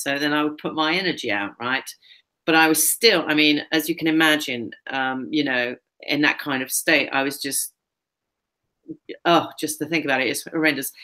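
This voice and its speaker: A woman's voice: deep voice, pushed and bright. A middle-aged woman telling a personal story in casual, rambling talk, full of fillers and restarts as she co-hosts a chat.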